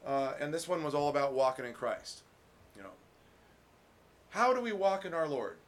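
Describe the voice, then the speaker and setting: A middle-aged man preaching a relaxed, conversational sermon as pastor, folksy, full of restarts and "you know.". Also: a little high, normal speed.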